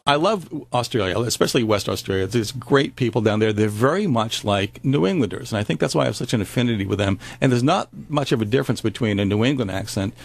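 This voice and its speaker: A man's voice: fairly low pitch, no echo. A man filling in as host of a radio talk show, chatting loosely and joking between introductions. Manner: chatty, jokey asides.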